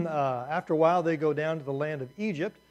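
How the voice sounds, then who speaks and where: Guy teaching a bible overview, kinda high voice, jokey and lively, moving around a map. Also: brisk. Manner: lively, jokey storytelling with asides. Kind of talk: Bible survey lecture.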